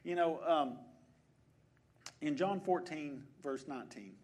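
High-voiced preacher. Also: male voice, takes it slowly. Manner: swings from quiet conversational asides to loud exhortations. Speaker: pastor. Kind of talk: sermon. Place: church. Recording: congregation answering in the background. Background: congregation responding.

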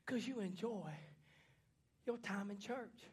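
High-pitched fiery male preacher. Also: slow pace, crowd noise. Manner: folksy, plainspoken, swings from hushed to shouting. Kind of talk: fiery Pentecostal-style sermon. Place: church.

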